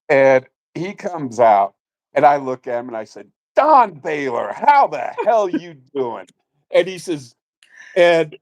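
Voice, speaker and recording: A middle-aged man being interviewed, telling animated stories in a casual way and quick to laugh. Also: mid-range voice. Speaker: interview guest.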